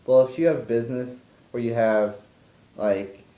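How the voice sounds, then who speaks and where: A man's voice: medium pitch, unhurried, mellow, roomy sound, highs cut off. A man delivering an exasperated, profane, rambling rant as a wrestling commentary vlogger, stumbling over restarts. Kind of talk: ranting monologue.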